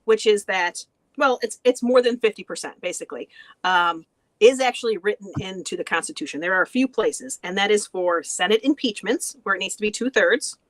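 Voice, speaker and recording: A woman's voice: mid-range voice, a little fast, dry recording, low-quality recording. A woman hosting a podcast, explaining in casual chat and laughing often. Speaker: podcast host.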